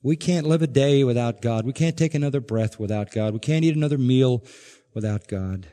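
An older man preaching from the pulpit, his middle-pitched voice carrying a long hall reverb. He drives points home with force, then drops to a hushed, low delivery. The sound is that of a sermon recorded in a church sanctuary. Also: brisk. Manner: emphatic preaching, rising to loud peaks and dropping to hushed, low lines. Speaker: pastor.

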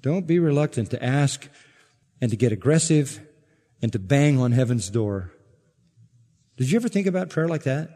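A man's voice: medium pitch, expressive, normal speed, long pauses, warm tone, long reverb tail. A pastor preaching an emphatic sermon, his voice rising sharply on key words.

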